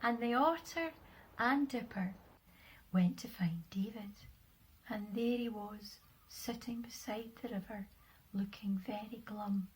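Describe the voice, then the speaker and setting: A woman with a Scottish accent reads her children's story aloud, expressively and with dramatic pauses. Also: medium pitch, slightly rough, poor audio. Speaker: author reading her own stories.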